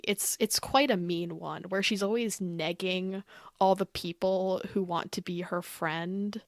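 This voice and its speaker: A woman's voice: lowish voice, no echo. Chatty, opinionated woman guest. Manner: animated, opinionated, heavy use of "like". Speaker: podcast guest. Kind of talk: casual chat.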